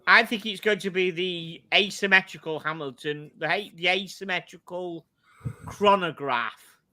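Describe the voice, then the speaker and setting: A man co-hosting a casual chat, blunt and excitable, swearing freely. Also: sits high, measured pace. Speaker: co-host.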